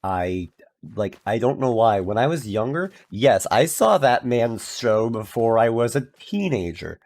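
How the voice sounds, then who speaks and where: A man's voice: mid-range voice, big pitch swings, measured pace, a little mellow. Rambling male streamer, casual chat. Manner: rambling, with lots of "like" fillers and restarts.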